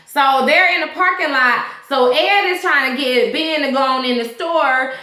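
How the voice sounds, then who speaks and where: Chatty high-voiced woman recapping a TV show. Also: normal speed, bright, forceful tone, echoey room. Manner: chatty, slangy, full of "you know what I'm saying". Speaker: TV show reviewer. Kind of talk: casual episode recap.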